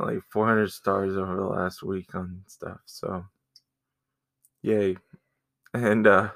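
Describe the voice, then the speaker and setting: Podcast co-host, man in his thirties, low and gravelly, acts out quotes as he tells stories. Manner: animated storytelling, acts out dialogue. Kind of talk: casual chat.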